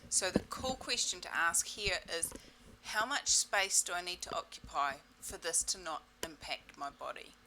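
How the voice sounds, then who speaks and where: A woman leading a self-help webinar in a playful, exclamatory way, repeating set clearing phrases. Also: fairly low pitch, animated, moderate pace, sharp tone, a little hiss or hum, rough recording. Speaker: webinar facilitator.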